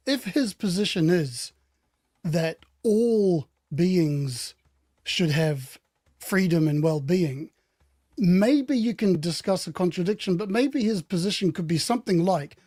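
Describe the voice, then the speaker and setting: A man's voice: high-pitched, a little mellow, no echo, studio quality. A man with a New Zealand accent speaking in a live online debate, hesitant and apologetic, often restarting his words. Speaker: debate guest.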